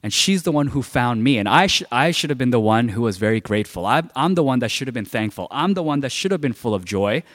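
A pastor, preaching through a personal story, talks in a chatty, conversational way with heavy use of "like." His medium-pitched voice is lively and a bit bright, moving at a quick pace with few pauses. Long hall reverb surrounds him.

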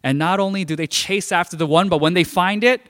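A man's voice: high voice, fairly quick, fairly bright tone. A man preaching a sermon in a conversational storytelling way, with many filler words. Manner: conversational, heavy use of filler "like". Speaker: pastor. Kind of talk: sermon told as a personal story. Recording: long hall reverb.

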